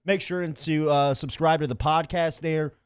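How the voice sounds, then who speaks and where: A man's voice: on the high side, fairly even intonation, normal speed, clear, resonant tone, no room sound. Upbeat male radio host, dry studio sound. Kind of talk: radio hosting with sponsor reads.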